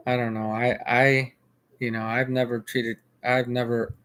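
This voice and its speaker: A man's voice: mid-range voice, flat delivery, unhurried, a bit bright. A man casually recounting a video he watched, rambling, restarting his sentences and repeating himself. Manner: rambling with frequent restarts and filler. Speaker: vlogger. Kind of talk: casual spoken commentary.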